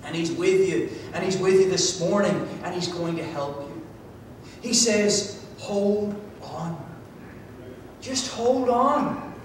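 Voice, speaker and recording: A man from Georgia preaching a sermon, telling a story with drama, swinging from loud to hushed. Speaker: pastor. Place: church sanctuary. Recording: echoey church hall from far off, faint rumble.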